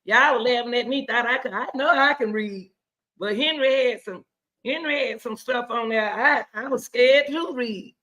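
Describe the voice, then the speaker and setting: A woman hosting casual reaction commentary, excitable and chatty, repeating herself often. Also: fairly high pitch, normal speed. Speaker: commentary host.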